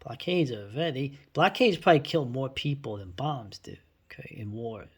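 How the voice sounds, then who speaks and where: A man's voice: mid-range voice, expressive, normal speed, breathy edge. A man in his forties with a New York accent, talking through old cartoons in a rambling, blunt way full of asides and tag questions. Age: 40s. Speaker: video host. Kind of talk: casual commentary.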